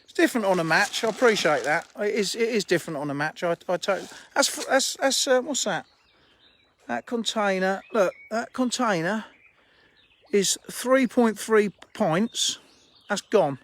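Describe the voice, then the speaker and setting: On a casual phone live stream by his fishing lake, a fishery owner responds to comments with a laugh. His voice is high-pitched and a bit bright, with lively intonation at a moderate pace; faint birdsong and outdoor noise fill the background.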